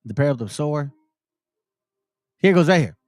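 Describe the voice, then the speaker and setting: A male preacher, talking casually with plenty of slang as he reads verses and breaks them down. His pitch swings widely and sits a little high for a man. The sound is close and dry. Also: expressive, fast, a little mellow, no echo. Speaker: preacher teaching scripture. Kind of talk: informal scripture teaching.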